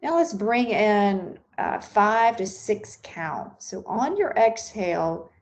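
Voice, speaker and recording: A woman's voice: medium pitch, lively intonation, slow. A woman leading a guided breathing meditation in an unscripted, soothing way, with occasional fillers and restarts. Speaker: meditation instructor.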